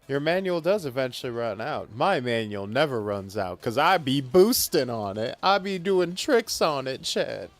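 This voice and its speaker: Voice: mid-range voice, sing-song, normal speed, few pauses, faint music behind. A VTuber streamer giving casual, joking commentary over gameplay, breaking into theatrical mock pleading and moaning.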